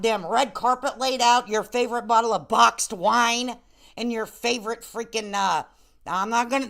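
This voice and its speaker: A woman's voice: a little high, normal speed, vocal fry, a bit bright. A woman hosting a casual live-stream commentary, talking in a sassy, blunt, teasing way. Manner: sassy, blunt, playful scolding.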